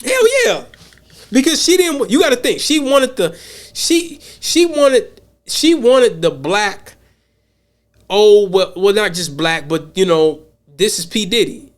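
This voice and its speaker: High-voiced man in profane podcast chat. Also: slow pace. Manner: animated, profane, acts out quotes. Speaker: podcast co-host. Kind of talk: casual chat.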